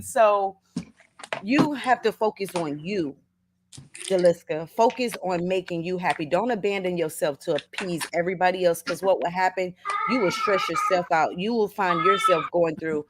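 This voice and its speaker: A woman's voice: fairly low pitch, a little hiss or hum. A middle-aged woman hosting a casual motivational livestream, reading viewers' comments aloud, laughing often and calling listeners baby and honey. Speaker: livestream host.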